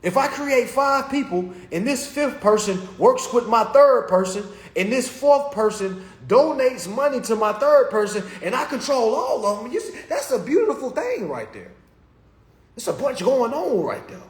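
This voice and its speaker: A man delivering an animated motivational rant to his followers, preachy and repetitive, constantly checking in with his listeners. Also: extremely high pitch, moderate pace, roomy sound. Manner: preachy, keeps checking in with "all right?". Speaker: social media host.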